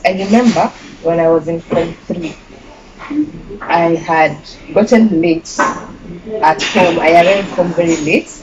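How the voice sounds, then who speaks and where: A young woman with a Kenyan accent tells a personal story as an interview guest, animated and quick to laugh. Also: low-pitched. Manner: animated, laughing, mixing in Swahili phrases. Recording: muffled with clear background noise.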